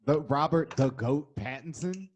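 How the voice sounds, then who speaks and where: A man's voice: fairly high pitch, animated, measured pace, darkish tone, dull audio. A man co-hosting a podcast, chatting casually with enthusiasm, swearing and laughing. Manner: enthusiastic, profane, laughs often. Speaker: podcast co-host. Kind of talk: casual chat.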